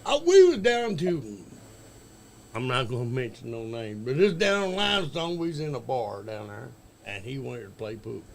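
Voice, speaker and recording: A man telling a profane story in a halting, drawn-out way as a guest on a talk show. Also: mid-range voice, very animated, gravelly, slight background noise. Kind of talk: casual storytelling chat.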